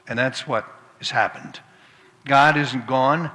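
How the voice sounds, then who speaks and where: Bright-voiced preacher in a reverberant hall. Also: male voice, medium pitch, takes it slowly. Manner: storytelling, folksy, with occasional restarts. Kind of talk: sermon with humorous anecdotes.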